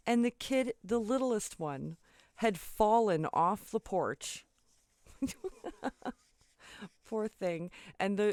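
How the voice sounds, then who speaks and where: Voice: medium pitch, smooth, no room sound. A crafting vlogger telling a story at home while working, rambling and chatty, with lots of asides and frequent laughter. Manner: rambling, chatty, full of "you know" and "right?" asides. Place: home basement.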